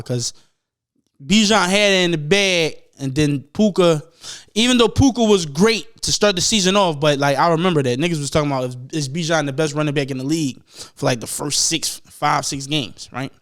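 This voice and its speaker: A young man hosting a podcast, ranting casually and profanely about football, rambling and mimicking people in quick asides. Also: high voice, a bit bright, clear, resonant tone. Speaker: podcast host. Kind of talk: casual sports rant.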